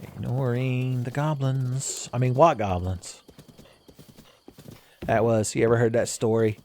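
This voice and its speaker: A man's voice: mid-range voice, steady tone, unhurried, a little mellow, slight background noise. A man giving casual, rambling gameplay commentary as a let's play host, joking and laughing often.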